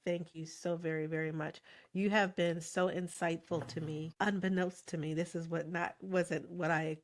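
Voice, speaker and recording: A woman's voice: on the low side, little pitch movement, normal speed. A woman hosting a casual interview, emotional and appreciative, often laughing. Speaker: podcast host.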